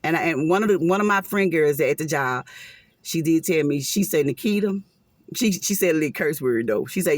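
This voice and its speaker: A woman's voice: deep voice, expressive, a little fast, dry recording, clean studio sound. A woman, telling an emotional personal story to viewers in a casual vlog, with churchy asides.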